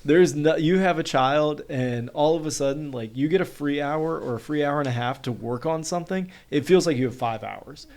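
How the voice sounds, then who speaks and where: A man in his thirties from North Carolina, a podcast guest telling a story in casual conversation, quick and animated, with lots of "like" fillers. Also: on the high side.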